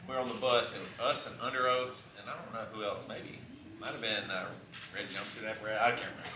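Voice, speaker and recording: A man's voice: fairly even intonation, quick pace, noisy background. A man, telling rambling, self-mocking stories on a live stage between songs. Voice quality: baritone. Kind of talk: onstage storytelling between songs. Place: live music venue. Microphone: stage vocal mic. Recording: roomy live venue with loud music.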